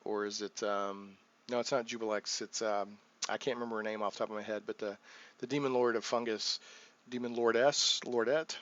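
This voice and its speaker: A man's voice: fairly low pitch, fairly even intonation, fairly quick, a bit bright. A man who runs a tabletop game, chatting loosely about his sessions with lots of restarts and fillers. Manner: rambling, full of restarts and fillers, acts out players' lines. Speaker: game master, channel host. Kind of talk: casual talk about running a tabletop game. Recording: dull muffled sound, dry.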